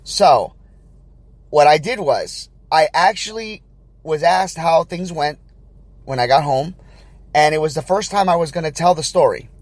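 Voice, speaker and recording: A man with a somewhat high voice tells a story on a casual podcast. He talks loosely, full of "um," "uh" and restarts, and acts out what the people in his story said. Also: unhurried, long pauses, no echo. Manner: chatty, rambling storyteller with many fillers and restarts. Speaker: podcast host and new father.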